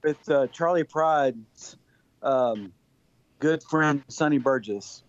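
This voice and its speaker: A man's voice: medium pitch, takes it slowly. A man from West Texas, a country singer-songwriter, telling stories as a guest in a rambling, laughing way that repeats words. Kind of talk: casual storytelling. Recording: dull lo-fi sound.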